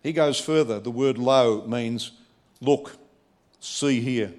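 A man preaching a sermon, emphatic, moving between quiet asides and a raised voice. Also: medium pitch, takes it slowly. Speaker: pastor.

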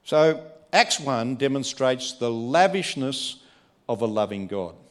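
A man preaching a sermon, emphatic, moving between quiet asides and a raised voice. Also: medium pitch, lively intonation, a little slow. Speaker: pastor.

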